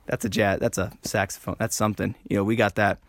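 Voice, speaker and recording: A man hosting a solo podcast, rambling and joking at himself, talking fast and often jumping up high. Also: flat delivery, dry recording, studio quality. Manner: rambling, self-mocking, fast with sudden high jumps. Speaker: podcast host. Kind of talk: casual solo podcast chat.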